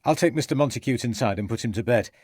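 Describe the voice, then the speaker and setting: A man voicing a brisk, sensible doctor in an audiobook. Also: mid-range voice, a little mellow, slightly rough, dry recording, clean studio sound, close to an everyday voice.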